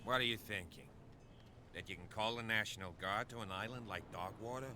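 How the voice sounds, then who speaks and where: An actor playing an impatient, dismissive small-town police officer in a video game. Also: male voice, fairly low pitch, brisk, sharp tone, slight background noise.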